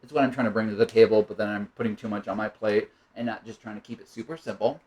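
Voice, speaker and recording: A man's voice: on the low side, steady tone, fast, a little mellow, rough recording. A man giving a reflective spoken monologue, rambling and musing, often checking in with "right?". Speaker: monologue speaker.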